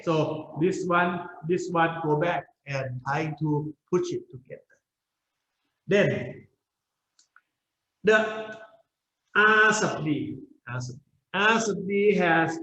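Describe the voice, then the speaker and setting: A man's voice: fairly high pitch, slow pace, a bit bright, slight background noise. A male university lecturer giving a lecture, explaining step by step and often checking in with "okay?". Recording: roomy, dull lecture recording.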